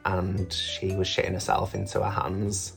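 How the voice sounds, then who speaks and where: A man's voice: deep voice, monotone, moderate pace, creaky, over music. Chatty, foul-mouthed British man. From United Kingdom. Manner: chatty, swears freely, many fillers. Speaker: drag queen vlogger. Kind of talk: casual storytelling.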